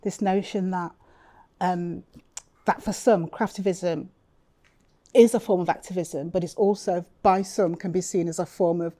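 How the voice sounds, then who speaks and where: A woman moderating a panel conversation, asking her questions in a halting way and searching for words. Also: lowish voice, fairly even intonation, dark tone. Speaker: interviewer, academic.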